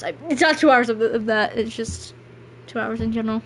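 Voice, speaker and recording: A woman's voice: fairly high pitch, brisk, a little hiss or hum. A woman streaming a game and chatting casually as the credits roll, rambling and self-deprecating. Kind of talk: casual gameplay stream chat.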